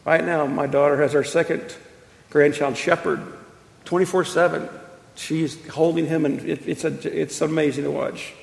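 A pastor in his fifties preaching a sermon, telling stories emphatically with slow, drawn-out pauses. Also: fairly high pitch, flat delivery, gravelly. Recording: echoey church hall.

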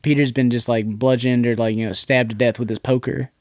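Podcast co-host, male, mid-pitched, dry close sound, loose rambling recap delivery. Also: little pitch movement, fairly quick, darkish tone, no room sound. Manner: rambling, repeats words, recaps plot scenes. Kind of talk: casual movie recap chat.

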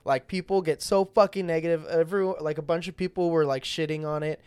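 A young man co-hosts a podcast in relaxed, profane chat, leaning on "like" and "dude" between every thought. His voice is smooth and resonant and sits a little high. The sound is close and dry with no room around it. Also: a little fast, dry recording. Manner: swears a lot, says "like" and "dude" often. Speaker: podcast co-host. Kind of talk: casual chat.

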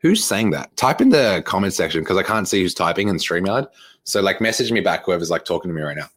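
A young man coaching fitness on a live-streamed podcast, with a lowish voice. He talks bluntly and swears, repeating his points and filling gaps with "like" and "okay". His delivery is casual and direct. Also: big pitch swings, fast, fairly bright tone. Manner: blunt, repetitive, swears, many fillers.

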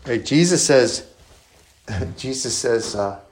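A man's voice: medium pitch, a little slow, pauses often. A male priest preaching in a conversational style, often asking rhetorical questions and adding "right?". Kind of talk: sermon.

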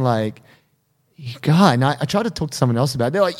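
A man co-hosting a podcast, telling a story in casual chat and acting out quotes in a higher voice. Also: fast talker. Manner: animated, acts out quotes in high voices. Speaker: podcast co-host.

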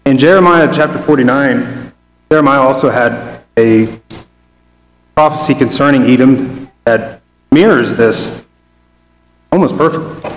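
Male preacher, mid-pitched, conversational sermon with restarts, roomy echo and long reverb. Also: a little slow, pauses often. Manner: conversational, restarts phrases, reads scripture aloud. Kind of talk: Bible study sermon.

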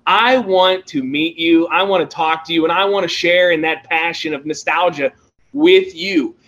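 A man who hosts a toy-hunting show, chatting casually and telling excitable, animated stories with laughs. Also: on the high side, moderate pace. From Pennsylvania, USA. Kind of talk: casual chat.

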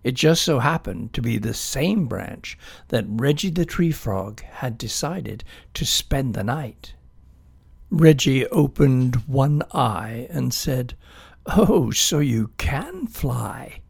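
Guy reading a kids story, slow and expressive, gravelly husky voice. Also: mid-range voice.

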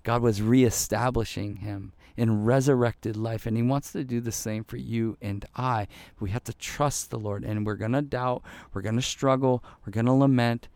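An earnest man preaching a devotional sermon at a medium pitch. He repeats phrases for emphasis and drops to a hushed voice when he quotes a prayer. The sound is dry and close, with no room echo. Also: steady tone, moderate pace, gravelly, few pauses. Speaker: pastor.

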